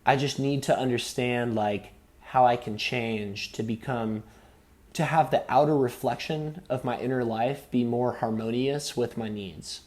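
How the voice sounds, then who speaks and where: A man's voice: mid-range voice, unhurried, a little mellow. A man telling a personal story to camera in a rambling, candid way, filling gaps with "you know" and "um" and swearing casually. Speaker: vlogger.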